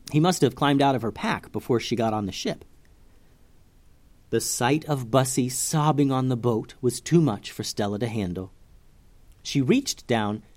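Man reading a kids' story, lively intonation, expressive, storyteller. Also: mid-range voice. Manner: expressive, animated narration.

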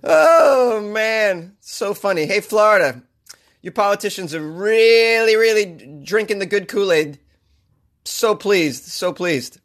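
A man with a Boston accent hosts a comedy podcast, delivering a monologue of sarcastic riffs and rambling jokes. His voice is high and a bit bright, with lively intonation and a slow pace.

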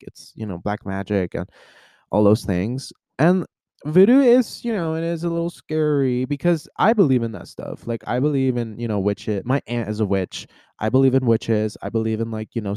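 A man in his twenties, a podcast host, telling a story in a chatty, animated way with lots of filler words. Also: fairly low pitch, dry recording, clean studio sound. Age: 20s. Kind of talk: casual storytelling.

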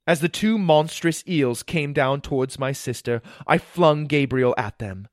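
A man narrating a children's adventure story in first person, animated and voicing the sound effects himself. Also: on the high side, a little slow, hardly any pauses, dry recording, studio quality.

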